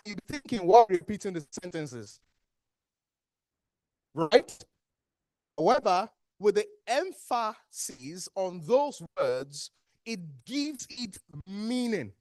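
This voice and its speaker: Animated Nigerian trainer, lively swinging pitch. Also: slow pace, pauses often, dry recording, studio quality. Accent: Nigerian English. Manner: animated, asks the room questions and answers them. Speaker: workshop trainer. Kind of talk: interactive training lecture. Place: training hall with an audience.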